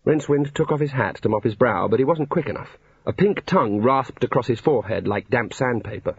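A man's voice: medium pitch, expressive, fast, few pauses, breathy edge, no room sound. A man narrating a comic fantasy novel in a dry storytelling manner. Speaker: audiobook narrator. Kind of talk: scripted narration. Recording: dull lo-fi recording.

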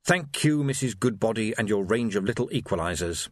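A man voicing a hard-bitten middle-aged police sergeant who speaks low, steady and dryly confident. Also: fairly quick, no echo, studio quality.

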